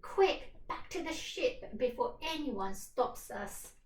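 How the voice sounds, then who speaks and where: Bossy storybook pirate captain, barking orders, woman playing him, bright raised voice, echoey room. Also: high-pitched, animated, takes it slowly, recorded from a distance, background noise. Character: gruff male pirate chief, bossy.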